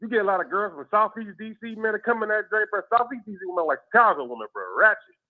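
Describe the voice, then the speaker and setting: A man's voice: high voice, animated, quick pace. A man calling into a show, telling stories in a chatty, laughing way and ending lines with "bro". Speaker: caller. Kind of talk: phone-in storytelling. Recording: muffled lo-fi phone call.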